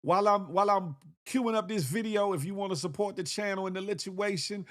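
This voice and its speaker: A man hosting a casual livestream, shouting out viewers by name in slangy, animated talk with lots of repeated phrases and "huh?". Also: high voice, brisk. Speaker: livestream host.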